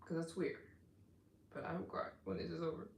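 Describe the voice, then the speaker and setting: A woman's voice: fairly low pitch, brisk, vocal fry, slight background noise. Gushing woman live-streaming, roomy echo. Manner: effusive and excitable, heavy use of "like". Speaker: travel vlogger hosting a live stream. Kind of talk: casual live-stream chat with viewers.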